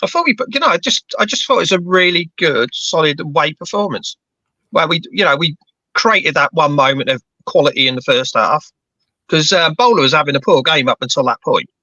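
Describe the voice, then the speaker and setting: A man's voice: on the high side, animated, fairly quick, bright, forceful tone, no room sound, muffled recording. A man with a mixed London and Bedfordshire accent, chatting casually as a football fan panelist and often repeating words as he starts a thought. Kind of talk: casual chat.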